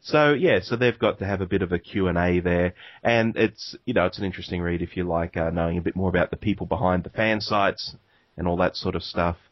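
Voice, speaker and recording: An Australian man co-hosting a casual gaming podcast, easygoing and quick to chuckle. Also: low-pitched, no echo, dull audio. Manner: easygoing, laid-back, chuckling. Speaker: podcast co-host. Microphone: home podcast microphone.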